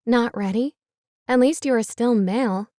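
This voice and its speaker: A woman voicing an indignant, sharp young woman in a storybook reading. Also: fairly high pitch, unhurried, no echo, clean studio sound, voice pushed up, close to an everyday voice.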